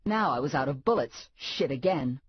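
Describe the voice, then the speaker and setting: A woman narrating a first-person audiobook in a wry, deadpan way. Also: a bass voice, moderate pace, husky, no room sound, highs cut off.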